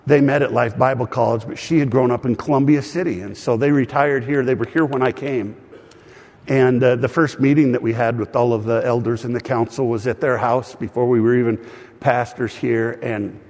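Earnest pastor preaching in a reverberant hall. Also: male voice, medium pitch, a little mellow. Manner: earnest, conversational preaching with call-and-response. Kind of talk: sermon. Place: church hall.

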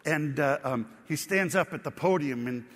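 Male pastor, conversational storyteller, a touch high-pitched, reverberant church hall. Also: moderate pace. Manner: conversational storytelling preacher, animated emphasis. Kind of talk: sermon.

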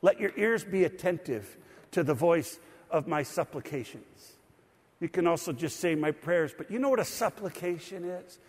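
Male pastor, fairly high voice, conversational sermon, long church reverb. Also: lively intonation, moderate pace, a little mellow, husky. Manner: conversational, explains words plainly. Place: church sanctuary.

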